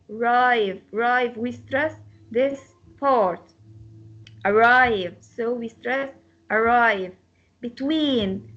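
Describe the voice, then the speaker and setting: Slow, high-voiced woman teaching pronunciation. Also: a bit bright. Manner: slow, repeating words to model pronunciation. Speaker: English teacher. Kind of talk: classroom lecture. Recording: slightly dull lo-fi sound.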